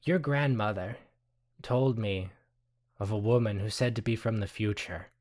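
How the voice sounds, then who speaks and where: A man's voice: lowish voice, measured pace, darkish tone, natural voice. A man voicing a flustered woman in her nineties who rambles and corrects herself.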